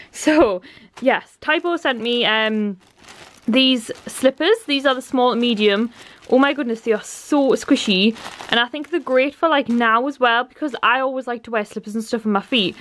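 Casting: young woman, higher voice, chatty and frazzled vlogger, tired. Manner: chatty, flustered, lots of "like". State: tired and stressed. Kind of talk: casual vlog chat.

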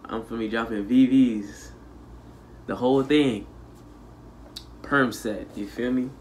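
A man's voice: mid-range voice, steady tone, takes it slowly, a little hiss or hum. A young man from South Florida hosting a reaction video, talking in a loose, slangy way with lots of fillers. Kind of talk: casual reaction commentary. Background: loud music playing.

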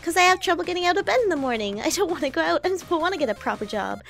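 A woman reading lines as a needy, anxious young woman streamer in a rushed, self-deprecating way. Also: very high voice, animated, gravelly, a bit bright, soft background music, pitched above the performer's own voice, heavily acted. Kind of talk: reading game dialogue aloud.

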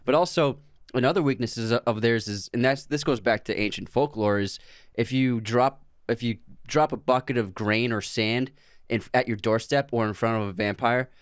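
A man's voice: medium pitch, normal speed, smooth, dry recording, studio quality. A man co-hosting a podcast in casual chat, eagerly explaining folklore. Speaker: podcast co-host.

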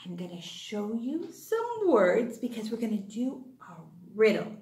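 A woman teacher giving a phonics lesson to young children in an animated, sing-song way with excited gasps. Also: a little high, slow. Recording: echoey room.

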